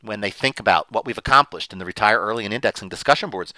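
A man talking in a rambling monologue, repeating words and rising loud and high when indignant. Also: quick pace, few pauses, no echo. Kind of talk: casual monologue.

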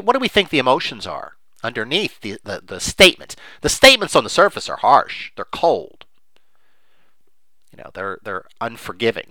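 A man talks through his argument in unscripted commentary, his pitch swinging widely as he acts out the views he mocks. His voice is bright and forward, and the recording is dry with no room sound. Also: no echo. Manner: animated, mocks opposing views in quoted voices, many fillers. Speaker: investing commentator.

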